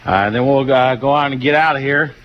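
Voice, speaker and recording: A tired male radio announcer with a Southern twang, calling a football game play by play in a relaxed, folksy way with many fillers. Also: medium pitch, fairly quick, a little hiss or hum. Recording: dull lo-fi radio broadcast.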